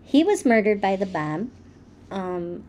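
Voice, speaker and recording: A woman's voice: medium pitch, takes it slowly. Casual storytelling woman, faint background hiss. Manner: relaxed, tells stories with fillers. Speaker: podcast co-host.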